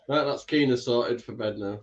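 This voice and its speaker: A man's voice: medium pitch, dull audio. A man in the room joining a casual live chat in an offhand, chatty way.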